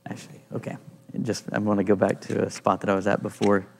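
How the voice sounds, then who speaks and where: In a room with long reverb, a man leads an informal Bible study, reading and explaining scripture while thinking aloud and pausing to look up passages. His voice is fairly low, level and creaky, with a darkish tone.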